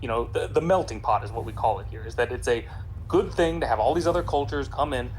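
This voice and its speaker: A man's voice: medium pitch, fast, slight background noise, low-quality recording. A man chatting casually while playing a game, rambling with many fillers and restarts. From United States. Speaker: co-player in a game stream. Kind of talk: casual chat while gaming.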